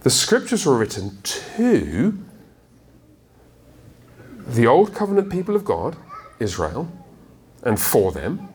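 A man preaching a sermon to his congregation, emphatic and animated, often checking in with rhetorical questions. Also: medium pitch, slow, long pauses, a little hiss or hum. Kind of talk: sermon teaching. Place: church.

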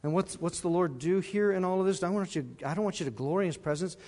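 A man preaching a sermon as pastor, animated and emphatic, with asides and brief laughs. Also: high voice, fast, big-room sound.

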